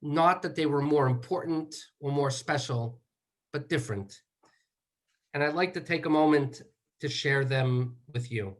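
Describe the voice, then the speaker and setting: Man giving measured memorial remarks. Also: a little high. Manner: measured, with slow deliberate lists. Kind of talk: eulogy remarks.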